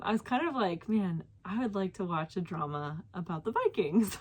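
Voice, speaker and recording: Chatty young woman vlogging her knitting. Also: lowish voice. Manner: chatty, lots of fillers and self-corrections. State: slightly out of breath. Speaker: knitting podcast host. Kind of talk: casual chat to camera.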